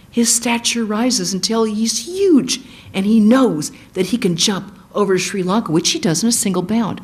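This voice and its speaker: A woman giving a sermon, retelling an epic as animated storytelling and acting out the quotes. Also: medium pitch. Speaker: guest speaker, monastic.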